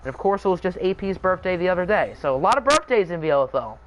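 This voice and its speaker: High-voiced young man chatting over a game. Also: lively intonation, fast talker, fairly bright tone, lo-fi sound, slight background noise. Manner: chatty, answers live chat, jokes. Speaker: channel host. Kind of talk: live sim-game commentary.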